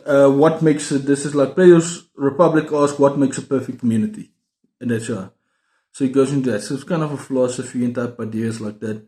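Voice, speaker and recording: A South African book vlogger in his thirties, with a mid-range, slightly mellow voice, does a casual book-haul chat. He rambles, pokes fun at himself, and keeps restarting his sentences, and the recording has a roomy echo.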